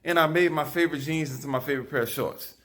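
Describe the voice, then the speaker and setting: Man, casual vlog storytelling, animated, filmed on a phone. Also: on the high side, quick pace. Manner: animated, repetitive, lively storytelling. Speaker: vlogger. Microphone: phone camera.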